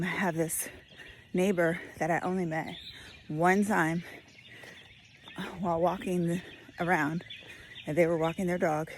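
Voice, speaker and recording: A woman's voice: lowish voice, slight background noise. A woman, out of breath while walking outdoors, musing aloud in a casual spoken reflection with many fillers. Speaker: vlogger. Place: outdoors on a walk.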